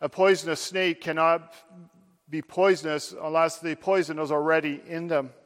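Man, preacher, sermon, earnest direct address, slightly high voice, long hall reverb. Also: level tone, normal speed, a bit bright. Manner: earnest, direct address to listeners, building emphasis.

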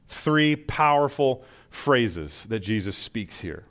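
Earnest male preacher, mid-pitched voice. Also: sing-song, measured pace, few pauses, fairly bright tone. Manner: earnest teaching, rises sharply on emphatic points. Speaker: pastor. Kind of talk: sermon.

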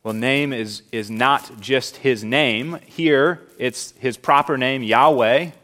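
A man delivers a sermon in an earnest, emphatic preaching voice at a middle pitch. He leans into key words and slows right down on them. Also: a bit bright. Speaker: pastor.

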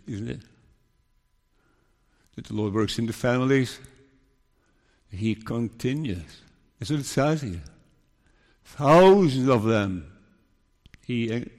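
Male pastor, slow deliberate sermon, long hall reverb, earnest and emphatic. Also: medium pitch, darkish tone. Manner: earnest, questioning, builds to emphatic peaks.

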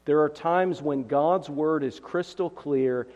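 A man's voice: a little high, takes it slowly, a little mellow, lo-fi sound. Earnest preacher man in a reverberant hall. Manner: earnest, emphatic, reads scripture aloud with rising intensity. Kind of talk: expository sermon.

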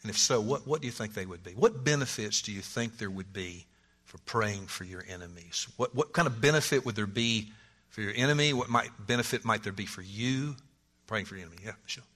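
A man's voice: lowish voice, expressive, a little fast, a bit bright. A man teaching a Bible study class, earnest and searching, often repeating his words and putting questions to the group.

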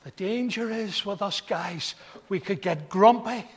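Older male preacher, high voice, chatty stories building to emphatic appeals, echoing hall. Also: measured pace, slightly rough. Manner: conversational storytelling, then rising to emphatic. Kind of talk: sermon. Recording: long hall reverb.

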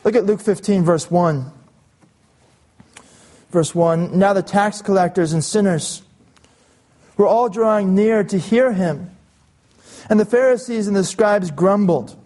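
Man, pastor, high voice, scripture reading, deliberate emphasis. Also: warm tone. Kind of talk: expository sermon reading scripture aloud.

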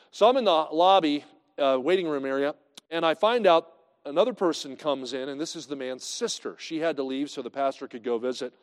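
A male pastor preaching a sermon in a conversational way, swinging from loud to hushed. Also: a little high, brisk, long reverb tail.

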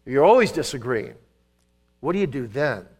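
Emphatic older man preaching, lively pitch. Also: moderate pace. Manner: emphatic, swings between loud stresses and soft asides. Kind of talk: sermon. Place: church sanctuary.

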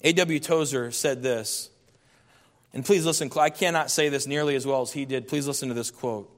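A man's voice: mid-range voice, normal speed, in a large hall. A man preaching a sermon as a pastor, earnest and emphatic, his voice rising in bursts.

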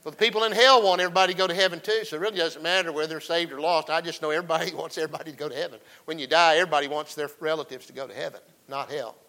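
A man's voice: fairly high pitch, fairly even intonation, rapid-fire, hardly any pauses, bright, forceful tone, poor audio. A man preaching a folksy sermon, calling out to the congregation. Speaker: pastor.

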